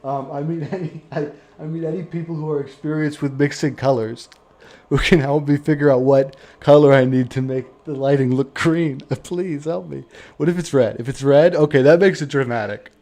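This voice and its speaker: Man, game streamer host; excitable, swears a lot, over-the-top rants, mellow tone. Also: a little high, normal speed. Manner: excitable, profane, mock-dramatic rants. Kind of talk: casual livestream chat while gaming.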